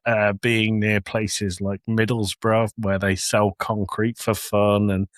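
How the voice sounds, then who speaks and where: Joking English man, low and dry. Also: flat delivery, takes it slowly, no echo. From England. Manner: joking, storytelling, laughs often. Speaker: podcast co-host. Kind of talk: casual chat. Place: home office.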